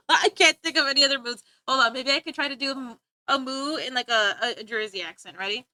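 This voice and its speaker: A livestreamer chats casually with her viewers, teasing and joking with chat, rambling and often stopping to giggle. Her voice sits high and sounds pushed and bright, moving fairly quickly.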